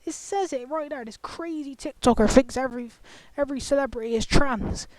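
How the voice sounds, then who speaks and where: A woman's voice: high voice, brisk. A woman ranting in an angry, profane, confrontational vlog commentary. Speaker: vlogger. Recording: clicky, glitchy, noisy screen-recorder audio.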